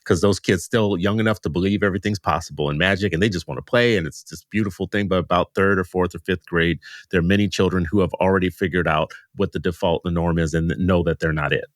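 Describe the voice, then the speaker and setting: A man's voice: low voice, fairly even intonation, quick pace, few pauses, no room sound, studio quality. A man hosting a conversational interview, thoughtful and a bit rambling, with a self-deprecating streak. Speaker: podcast host.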